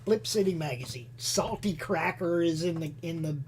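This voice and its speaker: A man on a casual movie podcast, telling a quick anecdote with frequent laughter. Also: a little high, expressive, darkish tone, a little hiss or hum. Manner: giggly anecdote teller. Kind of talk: casual chat.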